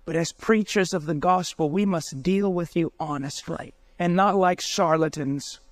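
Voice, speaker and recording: A man's voice: fairly high pitch, measured pace, no room sound. A man preaching a sermon, urgent and direct, pleading straight with his listeners.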